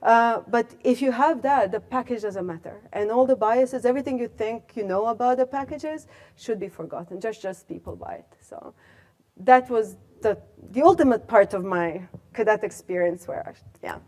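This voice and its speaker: A woman, telling a story in a talk to a room, animated and full of fillers. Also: fairly high pitch, moderate pace. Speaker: guest speaker, alumna. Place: lecture room.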